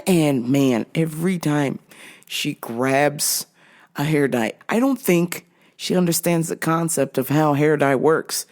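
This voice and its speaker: A woman's voice: low-pitched, slow pace, darkish tone. A woman hosting a casual monologue, blunt and profane, laughing often as she talks. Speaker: host.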